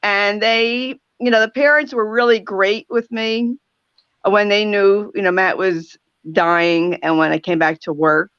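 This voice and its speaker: An older woman hosting a talk radio show, telling stories in a reflective, softly emotional way with many pauses. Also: medium pitch, smooth, no room sound, muffled recording. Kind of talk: heartfelt conversational talk.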